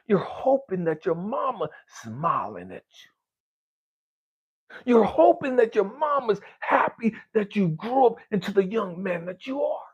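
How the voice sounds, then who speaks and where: Husky man giving a raw, swearing pep talk. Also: very animated, a little slow, muffled recording. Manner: raw and confessional, swinging from low murmurs to near-shouts, heavy swearing. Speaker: spiritual coach. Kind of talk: emotional motivational monologue.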